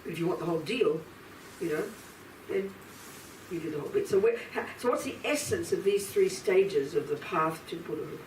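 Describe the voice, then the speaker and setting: A woman's voice: on the low side, expressive, a little fast, a little mellow, a little hiss or hum. A woman giving a live Buddhist lecture to an audience. She speaks bluntly and with emphasis, addressing her listeners directly. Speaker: Buddhist teacher. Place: teaching room with audience. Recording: roomy hall from a distance, faint ambience.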